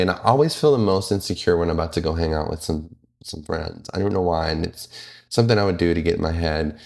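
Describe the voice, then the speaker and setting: A man's voice: deep voice, a little mellow. A man who works as a flight attendant, talking casually and candidly in a vlog, rambling with lots of fillers and self-corrections.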